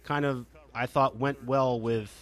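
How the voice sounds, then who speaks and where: A man's voice: mid-range voice, fairly even intonation, a little slow. A man co-hosting a podcast, talking casually in a wry, questioning way. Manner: wry, questioning, hesitant with fillers. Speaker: podcast co-host. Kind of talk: casual chat.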